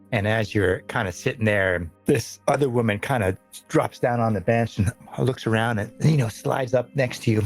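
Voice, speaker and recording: A man narrating as game master in a loose, chatty way and often laughing. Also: on the low side.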